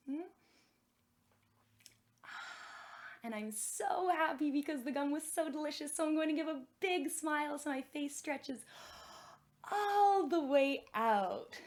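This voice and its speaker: A young woman leading a children's music and magic lesson in a gentle, encouraging way that is exaggerated for kids. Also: high voice.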